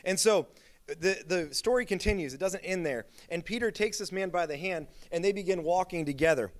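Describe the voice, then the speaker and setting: A man's voice: sits high, fairly quick, no room sound. A man preaching a sermon as pastor, telling stories in a casual, chatty way with lots of filler words. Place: church.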